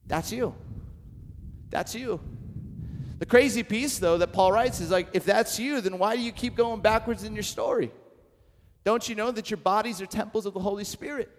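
A middle-aged pastor delivers his sermon in a notably high voice, carrying the listener through a story with animated energy. He keeps tossing in asides that poke fun at himself. His words ring out with a long reverb off the walls of a large hall. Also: a little fast, a little hiss or hum.

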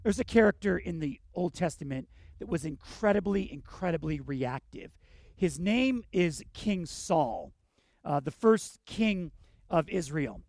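Gravelly-voiced man preaching a sermon. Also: sits high, no echo. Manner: earnest, emphatic preaching that swings between loud and hushed. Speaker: pastor.

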